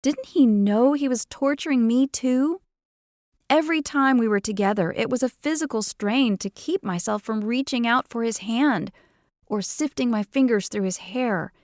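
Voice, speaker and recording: A woman narrating a first-person romance audiobook in an expressive, playful way, on a close studio mic. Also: a little high, no echo.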